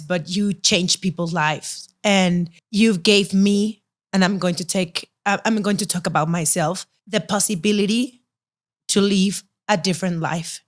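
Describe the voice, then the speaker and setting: A woman podcast host whose first language is Spanish, speaking in an earnest, heartfelt, openly emotional way. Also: medium pitch. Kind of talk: podcast interview conversation.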